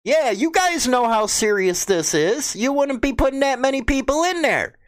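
A man's voice: very high voice, expressive, normal speed. A man with a Chicago accent who swears constantly, reads out news and angrily mocks it. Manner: crude, indignant, swears a lot. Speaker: vlogger. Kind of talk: profane political rant.

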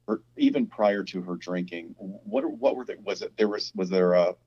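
A low-voiced man co-hosting a casual podcast discussion, thinking out loud and often restarting his sentences. The recording sounds a little dull and lo-fi. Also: steady tone, normal speed. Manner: thinking aloud, with frequent restarts. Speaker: podcast co-host.

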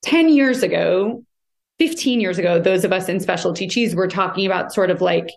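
A woman's voice: fairly low pitch, moderate pace, creaky, a little mellow. An American woman who writes about cheese, explaining at length in a conversational interview, with many fillers and restarts. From United States.

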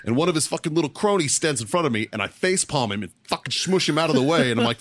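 Loud, swearing man. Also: a little high, fast. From Baltimore, Maryland. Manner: loud, swearing, animated storyteller. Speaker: podcast co-host. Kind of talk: profane storytelling among friends.

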